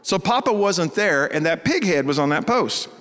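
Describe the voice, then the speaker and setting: A pastor from Texas with a Texas accent, preaching in a folksy, animated storytelling style and acting out the voices in his stories. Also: sits high, moderate pace. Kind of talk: storytelling sermon. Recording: reverberant church hall.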